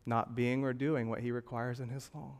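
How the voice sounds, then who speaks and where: A male pastor with a medium-pitched voice, level tone and moderate pace preaches a sermon full of rhetorical questions. He swings between loud, emphatic lines and hushed ones.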